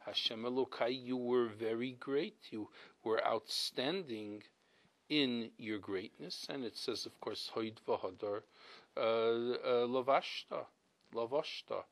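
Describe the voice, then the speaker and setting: A man's voice: mid-range voice, slow, rough recording. A middle-aged man giving a weekly religious class as a rabbi, explaining in an earnest, emphatic way and often restarting or repeating words as he thinks.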